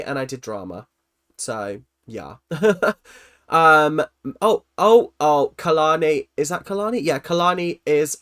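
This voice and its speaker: A man's voice: fairly high pitch, a bit bright. A young man hosting a livestream, reading out chat comments and answering with teasing, self-mocking jokes and lots of ums. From London. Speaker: livestream host.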